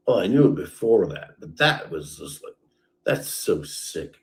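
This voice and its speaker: Slow, bitter ranting man. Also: deep voice, very animated, background noise. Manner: bitter, accusing, swearing, slow and drawn-out. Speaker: streamer. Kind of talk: angry rant.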